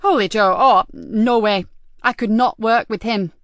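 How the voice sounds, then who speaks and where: A woman narrator voicing a sharp-tongued, weary female police inspector who answers back with sarcasm and defiance. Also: medium pitch, fairly quick, no room sound, clean studio sound, lightly acted. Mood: sarcastic.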